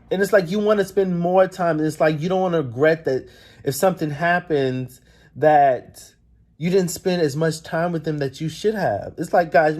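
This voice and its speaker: A man's voice: a little high, a little mellow. A man hosting his own vlog, talking in a casual, reflective and emotional way, rambling with lots of "like" and just woken up. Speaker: vlogger host.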